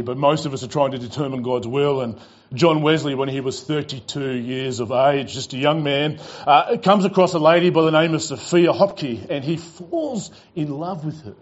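A man's voice: a little high, dull audio. A man preaching a sermon as pastor, telling stories with casual fillers and repeated "he goes.".

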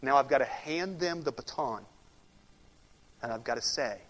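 A male pastor preaching a sermon, swinging from emphatic loud declarations to hushed, almost whispered lines. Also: medium pitch, normal speed. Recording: long hall reverb.

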